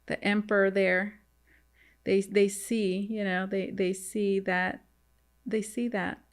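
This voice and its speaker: A woman giving a casual tarot reading to viewers, halting and repetitive, often turning to address them directly. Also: medium pitch, flat delivery. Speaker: tarot reader.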